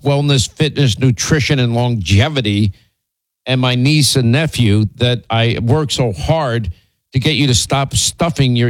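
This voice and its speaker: A man's voice: mid-range voice, no echo, low-quality recording. A middle-aged man hosting a radio show, telling stories in a rambling, teasing and exasperated way with many restarts. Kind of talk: casual storytelling chat on air.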